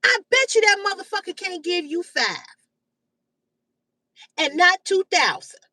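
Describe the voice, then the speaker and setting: A woman in her fifties hosting a live stream, talking bluntly and loudly with heavy cursing. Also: very high voice, animated, measured pace, dry recording, distant mic, poor audio. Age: 50s. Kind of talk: profane casual live-stream rant. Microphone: phone or webcam on a live stream.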